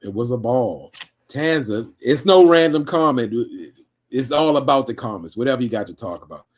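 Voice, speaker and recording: A man's voice: mid-range voice, normal speed. A man co-hosting a casual live stream with his wife, reading viewer comments aloud and laughing often. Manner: relaxed, laughs often, reads chat aloud. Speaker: co-host of a live review show.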